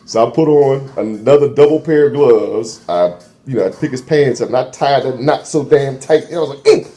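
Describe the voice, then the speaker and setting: A man's voice: mid-range voice, moderate pace. A middle-aged man, a former police officer, telling stories in casual chat and acting out the voices in them. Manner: animated, acts out voices in his stories. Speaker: interview guest, former transit police officer. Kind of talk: casual storytelling.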